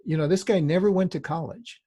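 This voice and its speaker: A man's voice: on the high side, a little fast, dark tone, dry recording, studio quality. A middle-aged man, a design teacher, lecturing in a rambling, conversational way with frequent asides. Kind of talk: lecture with casual storytelling.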